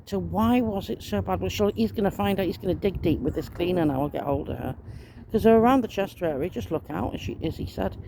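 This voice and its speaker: A woman's voice: on the low side, animated, quick pace, gravelly, warm tone, slight background noise. A woman, rambling in a casual monologue to camera, chatty and aggrieved, swearing mildly as she complains. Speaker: vlogger.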